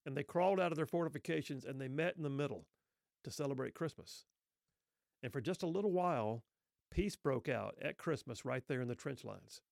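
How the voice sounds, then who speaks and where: Guy telling a story, earnest and reflective, a bit gravelly, dead dry recording. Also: a little high, dry recording.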